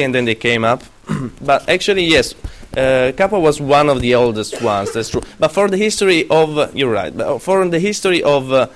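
A man lecturing a class, often stopping to question students and correct himself. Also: mid-range voice.

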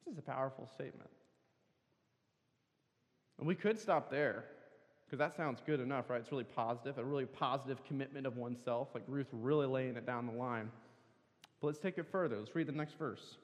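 A man's voice: medium pitch, brisk. A man preaching at a campus worship service, telling a scripture story earnestly and pressing hard on key words. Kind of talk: sermon. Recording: long hall reverb.

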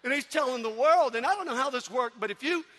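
High bright-voiced comic storyteller man. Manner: animated, quick, acts out voices. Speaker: youth speaker. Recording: long reverb of a large hall.

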